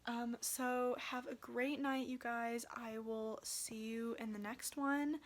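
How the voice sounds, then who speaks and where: A woman's voice: on the high side, fairly even intonation, slow. Young female vlogger, tired and chatty, rambling storyteller full of fillers. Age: young adult. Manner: rambling, heavy use of "like" and "um". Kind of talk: casual storytelling vlog.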